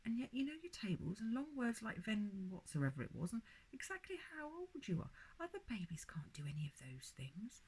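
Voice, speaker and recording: A woman's voice: a little high, big pitch swings, moderate pace, hardly any pauses, darkish tone, breathy edge, voice pushed up, full character voice. A woman voicing an earnest, worried little girl in a storybook reading. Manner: anxious, tearful, earnest.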